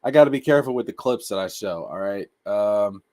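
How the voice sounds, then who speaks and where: A man hosting a casual live-stream anime review, talking excitably in slang and repeating his points. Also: fairly low pitch, a little fast.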